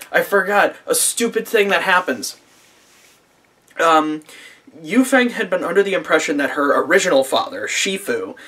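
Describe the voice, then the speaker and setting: A man's voice: a little high, bright, forceful tone. A man recapping an anime episode in a casual video review, sarcastic and profane, laughing often, recorded on a camera mic.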